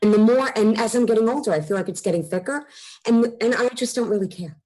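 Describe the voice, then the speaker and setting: A middle-aged woman with a thick Long Island New York accent, chatting as a guest, brash and fast-talking, swearing freely. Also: on the high side, dark tone, soft background music, poor audio. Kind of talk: casual chat.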